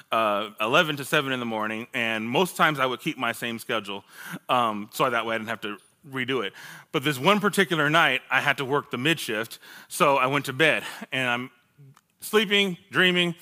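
A man's voice: medium pitch, expressive, moderate pace, sharp tone. A man preaching a sermon, telling his own testimony as a story, acting out what he once said and laughing at himself. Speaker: pastor.

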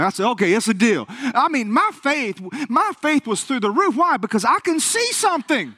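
A male preacher telling a healing story in a sermon, animated and acting out the quotes. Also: very high-pitched, normal speed, hardly any pauses, breathy edge, dry recording, clean studio sound. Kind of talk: sermon testimony.

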